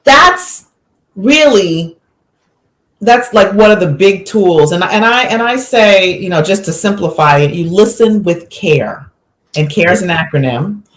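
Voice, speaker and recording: A woman physician, a guest on a podcast, telling a story with lively acted-out quotes in a relaxed conversational way. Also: mid-range voice, a little slow, reverberant. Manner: animated storyteller, acts out quotes.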